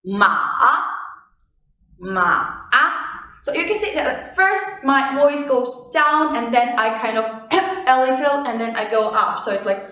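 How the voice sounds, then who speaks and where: Young woman teaching, bright crisp voice, lots of restarts, tons of room echo. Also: high-pitched. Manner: expressive, drawn-out demonstration syllables. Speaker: language teacher, channel host. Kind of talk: casual online language lesson. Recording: very echoey room.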